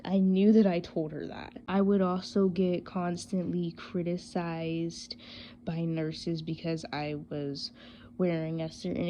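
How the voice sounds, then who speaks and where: A woman's voice: fairly low pitch, warm tone, highs cut off, slight background noise. A woman telling a casual storytime vlog, rambling and exasperated, full of fillers. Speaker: vlogger.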